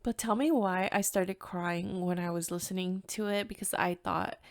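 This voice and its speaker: Speaking at normal speed with a lowish voice and hardly any pauses, a young Mexican-American woman from the United States chats through her own solo podcast. Her accented English code-switches into Spanish whenever it occurs to her, and she stays candid and easygoing, laughing frequently.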